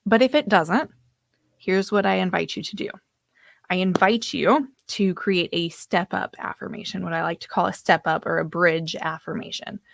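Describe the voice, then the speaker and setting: A woman's voice: mid-range voice, vocal fry, dry recording, studio quality. A woman coach teaching a live online workshop in a loose, chatty way, now and then losing her place in her notes. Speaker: personal development coach.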